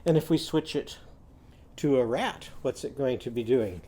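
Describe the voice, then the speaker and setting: A man's voice: mid-range voice, normal speed, mellow. A man teaching a children's phonics lesson, modelling sounds in a sing-song way for the class to repeat.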